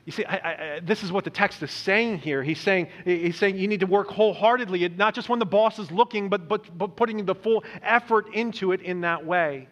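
A man preaching a sermon as pastor, earnest, stumbling over repeated words and slowing down to stress quoted lines. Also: high voice, fairly bright tone. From Indonesia. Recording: dull lo-fi recording in a reverberant hall.

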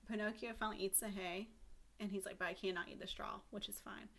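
A woman's voice: medium pitch, fairly even intonation, creaky, over a noisy crowd. Swearing woman telling a story casually. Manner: swears freely, acts out characters' lines in quick asides. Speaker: podcast co-host.

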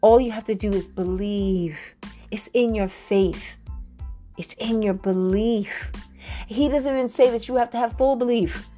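A woman preaching in a faith podcast, reading scripture slowly and urging her listeners to say the words back to her. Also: a little high. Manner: expressive, calls on listeners to repeat after her; slows down to read scripture with emphasis. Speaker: faith coach.

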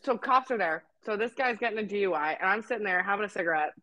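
Animated young Canadian woman telling a story. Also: mid-range voice, quick pace, no room sound. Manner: swearing, laughing, acting out quotes. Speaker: podcast co-host. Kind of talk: casual storytelling chat.

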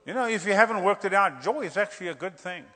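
A man preaching a revival sermon, animated and joking, repeating phrases for emphasis. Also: high-pitched, fast, big-room sound.

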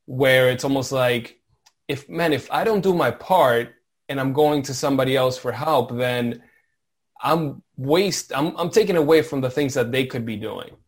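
A man working in IT, speaking as a guest in a thoughtful, halting way while reflecting on his work. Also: medium pitch. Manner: thoughtful, halting, searches for words. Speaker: IT professional, guest. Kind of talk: reflective conversation.

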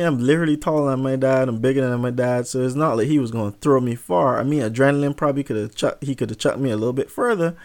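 Young man, mid pitch, animated, self-mocking, profane casual storyteller, close mic.

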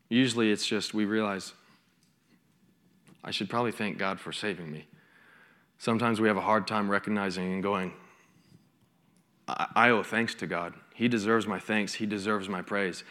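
A man's voice: fairly low pitch, fairly even intonation, normal speed, long pauses, bright, forceful tone. A young man, a college pastor giving a conversational sermon with stories and asides. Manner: conversational preaching with storytelling and asides.

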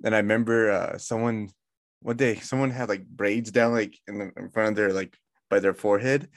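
A man's voice: lowish voice, fairly even intonation, normal speed, dry recording, studio quality. A young man co-hosting a podcast, chatting casually, laid-back and chuckling, swearing now and then. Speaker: podcast co-host. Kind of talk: casual chat.

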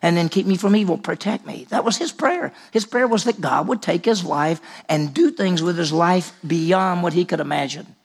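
A man, a senior pastor, preaching a conversational sermon, quizzing the congregation and dropping to a hush on key lines. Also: sits high, creaky.

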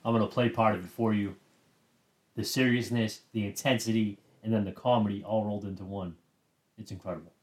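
A man talks through highlights in a chatty, enthusiastic way. His voice sits slightly low, and he keeps a relaxed commentary flow. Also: brisk. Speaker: wrestling commentary host. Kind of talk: casual recap commentary.

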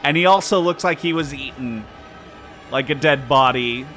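A man running an improvised horror game as game master, narrating with teasing drama and sudden jumps in pitch. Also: normal speed, a bit bright, faint music behind.

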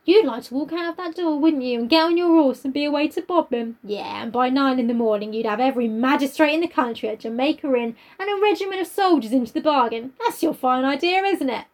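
A woman reading the part of a brutal, bullying male innkeeper in a loud, blustering manner. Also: sits high, animated, fast, hardly any pauses. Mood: sneering.

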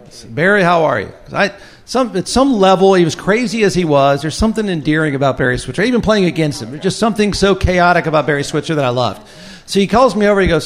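A man's voice: a little high, quick pace. A man who hosts the show, telling an old football story to a live audience and acting out the voices in it. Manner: lively, acts out quoted voices. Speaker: host, former football kicker.

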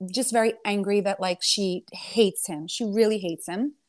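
A woman guest in a casual chat, telling a long family story in a rambling, animated way. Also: mid-range voice, normal speed. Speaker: interview guest.

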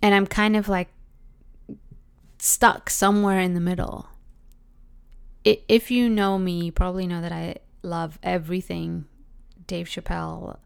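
A woman with a Canadian accent speaks in a reflective personal monologue. Her voice has a gravelly, fry-tinged edge, yet stays smooth and resonant. She is conversational and thoughtful, often dropping in "like". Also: fairly low pitch, little pitch movement, a little slow, long pauses. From Britain, raised in Canada. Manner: conversational, thoughtful, frequent 'like' fillers.

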